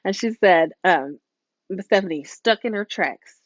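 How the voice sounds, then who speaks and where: A woman's voice: on the low side, animated, measured pace, no room sound, muffled recording. A woman hosting a live motivational talk as a hair stylist, speaking casually and preachily and acting out voices she quotes. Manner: casual, with many fillers and asides.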